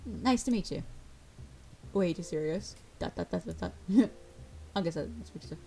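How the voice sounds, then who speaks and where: A woman's voice: lowish voice, normal speed, vocal fry, pauses often, dark tone, slightly rough. Woman gamer, reads a visual novel aloud, voices every character, casual side comments. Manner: reads all the parts, breaking off for casual asides. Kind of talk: reading game dialogue aloud with commentary.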